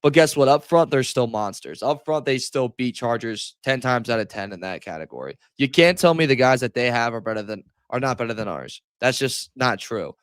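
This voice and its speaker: A man co-hosting a casual sports podcast, talking in a relaxed, analytical way. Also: mid-range voice, a little fast, few pauses, clear, resonant tone, dry recording. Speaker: podcast co-host.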